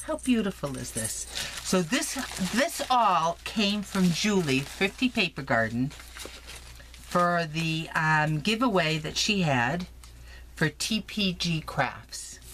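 A woman chatting excitedly through a crafting unboxing, gushing and laughing often in her home craft room. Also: fairly low pitch, takes it slowly. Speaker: crafting vlogger. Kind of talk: casual unboxing chat. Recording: noisy home recording.

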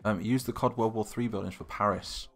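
A man's voice: on the low side, fairly even intonation, brisk. A young British man live-streaming, chatting casually and thinking aloud while answering viewers' comments. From Britain.

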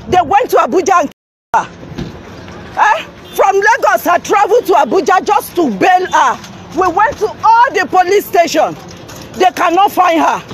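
Nigerian woman, street livestream on a phone, confrontational and repetitive, shouting over a faint crowd. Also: very high voice, a little hiss or hum, low-quality recording. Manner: shouting, confrontational, repeats herself urgently. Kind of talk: live-streamed street confrontation. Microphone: phone held while live streaming.

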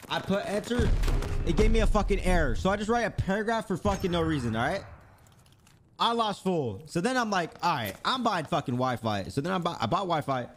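A man's voice: high-pitched, brisk, a little hiss or hum. A young man streaming while gaming, casually telling a rambling, profane story about his day. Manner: profane, rambling, animated retelling. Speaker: pro gamer streamer.

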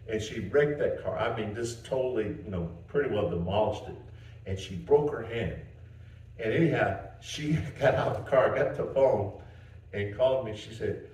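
Preacher guy telling stories, lowish voice, chuckly and folksy, echoey church, mic kinda far. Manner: folksy, animated storytelling with chuckles and restarts. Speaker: pastor. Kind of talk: sermon. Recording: roomy church, mic at a distance.

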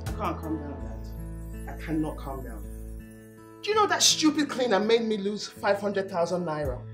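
A woman's voice: fairly low pitch, sing-song, moderate pace, faint music behind. An actress with a Nigerian accent playing a haughty, rich young woman who scolds her staff with demands. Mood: angry. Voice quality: scolding, demanding, rising to shouts. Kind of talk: Nollywood film acting.

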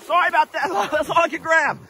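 A man vlogging outdoors by a creek, excitable and often shouting to his animals. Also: very high-pitched, fast, vocal fry, heavy background noise. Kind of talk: casual outdoor vlog.

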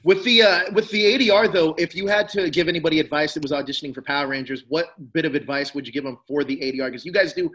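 A man hosts a casual interview over a call, throwing out eager questions at a fast clip. His voice sits a little high and sounds bright. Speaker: host. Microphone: phone call.

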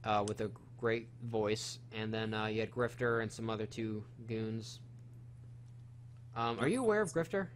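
A man's voice: lowish voice, normal speed, slight background noise. A man hosting a casual film review chat, retelling the plot in a rambling, profane way with lots of fillers.

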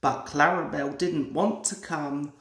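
A young man in his twenties reading a children's storybook aloud as a storyteller. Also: on the high side. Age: 20s. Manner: slow, lively storybook reading. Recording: roomy echoey room.

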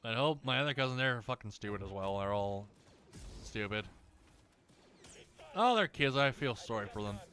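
Man, let's play host, bright crisp voice, close dry mic, sweary ranting. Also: animated, moderate pace, pauses often. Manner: profane, ranting, mocking others in shrill voices. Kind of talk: angry rant over gameplay.

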